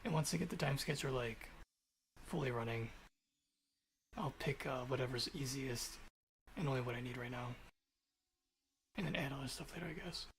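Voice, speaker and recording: A man's voice: mid-range voice, normal speed, pauses often, fairly bright tone, slight background noise. Man muttering through a coding stream. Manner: rambling, profane, muttering to himself. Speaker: programmer livestreamer. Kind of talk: casual thinking-aloud coding stream.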